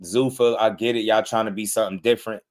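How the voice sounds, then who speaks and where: A man's voice: lowish voice, steady tone, fast. A man hosting a live boxing talk stream, ranting in a rambling, heated way with many repeated words. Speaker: boxing talk show host. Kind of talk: casual livestream commentary.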